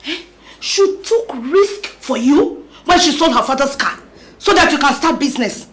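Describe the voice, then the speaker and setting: A woman's voice: high voice, animated, unhurried, a bit bright, slight background noise. A woman with a Nigerian accent playing a stern aging mother who forbids her son's marriage, in a film drama. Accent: Nigerian English. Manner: pleading then threatening, emotional. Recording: film soundtrack with music.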